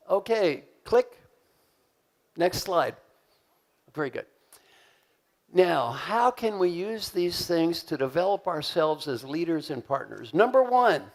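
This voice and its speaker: A man giving a live leadership seminar in a large conference hall, energetic and joking as he leads the audience in call-and-response. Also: on the high side. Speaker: leadership coach and keynote speaker. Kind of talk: live motivational seminar talk.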